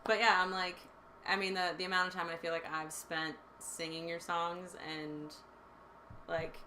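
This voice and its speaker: A young woman hosting a casual chat, playful and quick to laugh, full of fillers. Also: lowish voice, little pitch movement, sharp tone, a little hiss or hum. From born in Texas. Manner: giggly, many fillers, playful. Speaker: podcast host.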